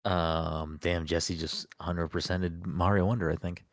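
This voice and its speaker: Deep-voiced laid-back male podcast host. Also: level tone, measured pace, dry recording, studio quality. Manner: loose, joking, swears freely. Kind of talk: casual chat.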